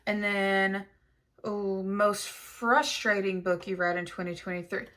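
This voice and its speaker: A woman's voice: mid-range voice, little pitch movement, measured pace, a bit bright. Chatty, gushing woman book vlogger. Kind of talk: casual chat to camera.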